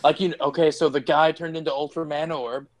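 A man's voice: a little high, flat delivery, brisk, low-quality recording. A man in a casual podcast chat, making wry joking asides about a show. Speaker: podcast co-host.

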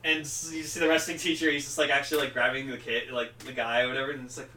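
A young man chatting casually on a podcast, excitable and full of fillers, acting out lines as he retells a story. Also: mid-range voice, fast talker, recorded from a distance, slight background noise. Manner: excitable, lots of fillers, acts out quotes loudly. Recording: echoey room, a little off mic.

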